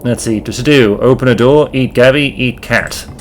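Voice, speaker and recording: A man playing a video game and reading its text aloud, narrating slowly as host. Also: medium pitch, slight background noise. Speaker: let's play host.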